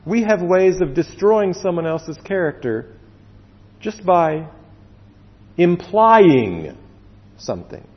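A man preaching a sermon as pastor, earnest, stretching words for emphasis and dropping suddenly to a hush. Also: high voice, big pitch swings. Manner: earnest, with slow drawn-out emphasis and sudden drops to quiet. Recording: dull echoey hall sound.

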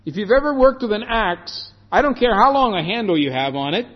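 Male preacher, sermon, high lively voice, long hall echo, muffled sound. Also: a little fast, few pauses. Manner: animated, acts out the story in voices.

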